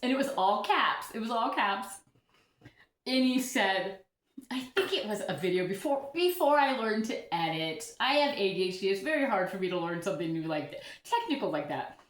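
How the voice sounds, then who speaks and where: A woman vlogs about orchids from a room in her home filled with them, and the room has an echo. Her medium-pitched voice is sing-song at a normal speed. She's chatty and giggly, with a self-deprecating, casual style.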